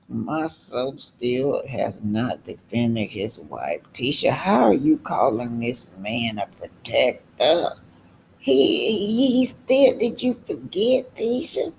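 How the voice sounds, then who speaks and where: A man delivers unhurried, emphatic commentary on a reality show, often repeating himself and turning to his viewers. His voice is gravelly, and he drawls along at a slow pace. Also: mid-range voice, big pitch swings, slight background noise. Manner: emphatic, addresses viewers as y'all, repeats points. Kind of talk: casual reaction commentary.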